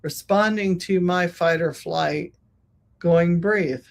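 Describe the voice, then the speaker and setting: A podcast host who works as a spiritual healer talks through a reflective monologue. The delivery is unhurried, with each thought laid out slowly. Key words and phrases are repeated for emphasis. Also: mid-range voice. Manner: slow, repetitive, emphatic phrasing.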